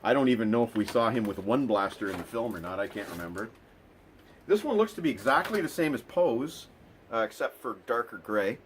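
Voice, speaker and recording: Man, casual unboxing host, dry sarcastic asides, middle pitch, faint background noise. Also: animated, a little fast. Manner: dry, sarcastic, lots of ums and uhs.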